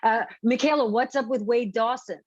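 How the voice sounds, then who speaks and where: A woman reading the part of a calm, unreadable female prison officer in an amateur live script reading over a video call, with a flat, undramatic delivery. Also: on the high side, moderate pace, dry recording, muffled recording, lightly acted. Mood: level. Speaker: script reader.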